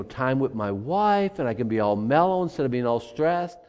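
A middle-aged man preaching a sermon in an animated way, acting out the excuses people make. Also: mid-range voice, moderate pace, few pauses, clean tone. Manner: animated, acts out rationalizing voices.

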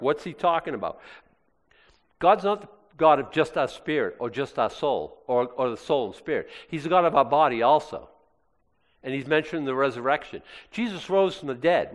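A man preaching with a lively, swinging voice and playful, jokey asides. His voice carries through a big hall with a long, trailing echo. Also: a little high. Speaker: pastor. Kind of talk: sermon.

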